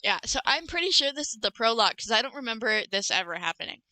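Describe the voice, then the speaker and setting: Bright, smooth young woman podcaster. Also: fairly high pitch, sing-song, fast talker, dry recording, rough recording. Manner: rambling, self-correcting, giggly. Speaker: podcast host. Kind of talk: casual book recap chat.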